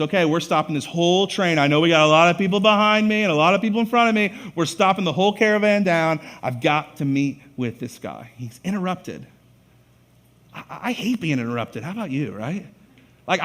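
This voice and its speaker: A man preaching a sermon as pastor, telling the story in an animated way and acting out the voices with loud bursts of emphasis. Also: fairly high pitch. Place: church sanctuary.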